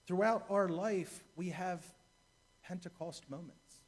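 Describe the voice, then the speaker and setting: Man, deacon, sermon, slightly high voice, storytelling, repeats phrases. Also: takes it slowly, breathy edge. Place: church.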